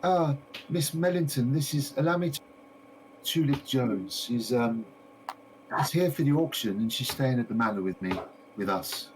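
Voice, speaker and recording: A nosy, gushing village shopkeeper woman, as a man puts her on in a tabletop game. She chatters and repeats her words in a high, fluttering voice. A faint ambient hum sits behind. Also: moderate pace, close to an everyday voice.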